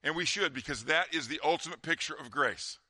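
A man preaching a sermon as pastor, talking conversationally and dropping to a quiet voice for emphasis. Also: a little high, a little fast, dry recording, studio quality.

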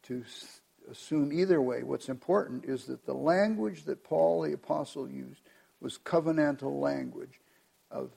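An American man preaching a sermon as pastor, reading scripture aloud and explaining it in an earnest, measured way. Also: fairly high pitch, dark tone. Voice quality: gravelly.

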